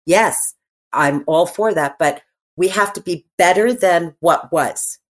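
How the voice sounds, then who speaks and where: A middle-aged woman talking as an interview guest in casual chat, animated and rambling, restarting her sentences often and filling pauses. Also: fairly low pitch. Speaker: actress and podcast guest.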